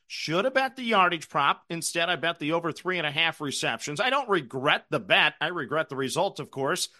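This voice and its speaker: A middle-aged man with a high, bright voice talks through his betting card in a casual, chatty way. He pokes fun at his own losing streak and keeps the tone conversational. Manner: chatty, self-deprecating storyteller. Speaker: sports betting show host. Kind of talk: casual betting recap and picks.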